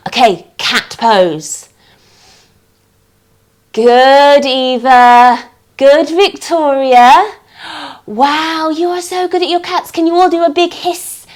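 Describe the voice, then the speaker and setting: Woman, kids' yoga teacher, high voice, unhurried, cheerful and encouraging, video call. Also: expressive. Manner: upbeat, encouraging, sing-song animal sounds. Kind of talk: live online yoga class for children.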